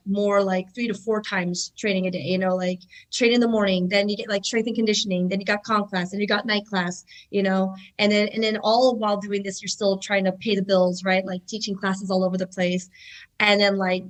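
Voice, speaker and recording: A woman in her thirties, a jiu-jitsu black belt and instructor, talking casually on a podcast in a chatty, animated way full of filler words. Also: medium pitch, rough recording. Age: 30s.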